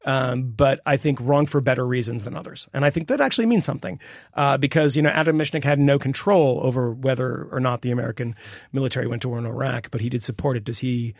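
A middle-aged man co-hosting a casual political podcast, rambling and emphatic, with sudden jumps in pitch. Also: fast talker, vocal fry, no echo, clean studio sound. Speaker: podcast co-host.

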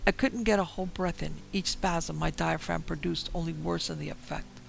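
A man giving tense, measured first-person horror story narration. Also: a little high, steady tone, vocal fry, a little hiss or hum, low-quality recording.

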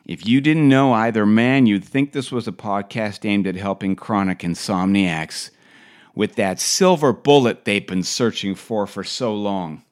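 A middle-aged man hosting a podcast, delivering a wry, scripted comic monologue with deadpan asides. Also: lowish voice, measured pace. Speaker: podcast host.

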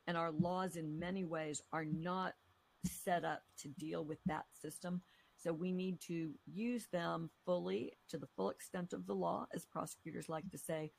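A middle-aged woman, a former prosecutor, speaking as a guest in an interview in an earnest, measured, teacherly way. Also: fairly low pitch, vocal fry. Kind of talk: interview conversation.

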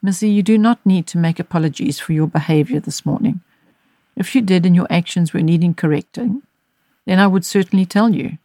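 A woman reading the lines of a gentle, caring mother in an audiobook, in a soft, reassuring voice. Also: on the low side, fairly quick, dry recording. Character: gentle, caring mother soothing her daughter.

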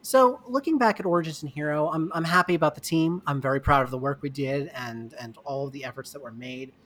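A man's voice: fairly high pitch, fast, fairly bright tone. A man being interviewed as a guest on a podcast, speaking candidly and reflectively. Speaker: game designer guest. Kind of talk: casual interview talk.

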